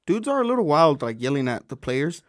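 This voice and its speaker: A man's voice: fairly high pitch, sing-song, a little fast, no echo, studio quality. A young man in casual chat who laughs often and keeps asking questions.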